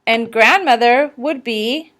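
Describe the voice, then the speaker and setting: A woman with a fairly high voice teaches vocabulary in a recorded slideshow lesson. She talks slowly and carefully, stopping often so listeners can repeat after her. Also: a bit bright. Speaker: language teacher.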